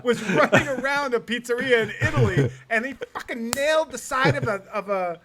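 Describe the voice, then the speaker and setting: A man co-hosting a podcast in casual chat, excitable and freely swearing, often laughing. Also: extremely high pitch, fairly quick, a loud crowd. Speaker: podcast co-host.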